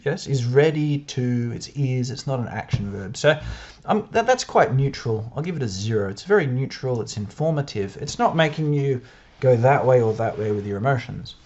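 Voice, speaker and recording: Australian man, casual video commentary, animated delivery, muffled lo-fi sound. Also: medium pitch, normal speed. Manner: chatty and self-doubting, laughs often. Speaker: video creator analysing newspapers. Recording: dull lo-fi sound.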